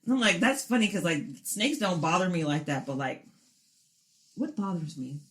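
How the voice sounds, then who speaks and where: A woman's voice: on the low side, expressive, moderate pace. A woman co-hosting a podcast in casual chat, swearing freely, laughing often and reading trivia aloud. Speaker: podcast co-host.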